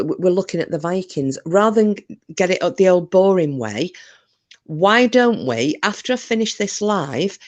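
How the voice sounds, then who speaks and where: A woman's voice: low voice, a little mellow. A woman hosting a casual live-stream chat, rambling and self-interrupting with frequent jokes. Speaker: livestream host.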